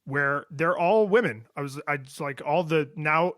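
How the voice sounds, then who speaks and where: A man co-hosting a podcast in casual chat, animated, laughing often and restarting his sentences. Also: on the high side, normal speed, no echo, clean studio sound. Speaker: podcast co-host.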